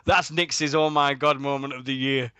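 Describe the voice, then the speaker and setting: British guy chatting on a radio show, bright punchy voice, swears a lot, dry close mic. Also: medium pitch, fairly even intonation, moderate pace, smooth, no room sound. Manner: swearing, rambling, laughs at own stories. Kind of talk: casual podcast banter.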